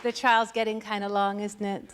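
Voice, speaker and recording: A woman's voice: mid-range voice, little pitch movement, moderate pace, a faint crowd. A woman doing a stand-up comedy set on stage with a dry, matter-of-fact delivery. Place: stage before a live audience. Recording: live audience and room noise.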